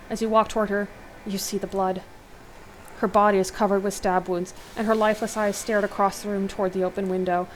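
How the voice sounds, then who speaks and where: A woman host reading an interactive horror novel aloud, steady narration with exclaimed asides. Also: mid-range voice, brisk, slight background noise. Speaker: let's play host.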